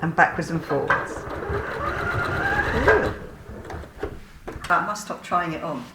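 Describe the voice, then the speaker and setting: A woman's voice: fairly low pitch, lively intonation, slow, echoey room, very noisy. A woman chatting through a sewing tutorial, laughing often and poking fun at herself.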